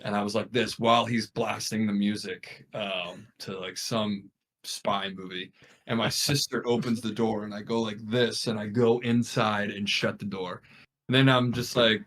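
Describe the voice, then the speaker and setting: A man's voice: fairly low pitch, normal speed. A young man co-hosting a podcast, telling a story casually among friends and acting out what people said. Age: young adult. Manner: animated, acts out what people said. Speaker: podcast co-host.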